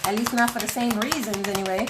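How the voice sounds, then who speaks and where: A woman's voice: on the high side, fairly even intonation, fast talker, heavy background noise. A woman from Haiti giving a casual tarot reading, slangy and chatty with jokey asides. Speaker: tarot reader.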